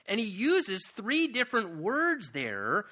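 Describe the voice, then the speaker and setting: A male pastor delivers a sermon in a high, bright voice that swings widely in pitch. His delivery is earnest and direct, pressing his points with emphatic appeals. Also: huge pitch swings, slow pace.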